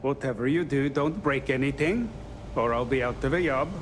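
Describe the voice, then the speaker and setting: A man's voice: mid-range voice, moderate pace, slight background noise, close to an everyday voice. An actor voicing a nervous, apologetic male starship engineer in a video game, stammering through his lines with lots of fillers. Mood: grudging.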